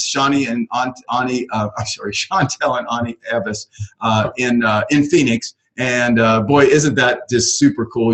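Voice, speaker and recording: A man's voice: medium pitch, fairly bright tone, low-quality recording. A middle-aged man hosting a real estate coaching webinar, talking casually and enthusiastically with many fillers. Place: ranch.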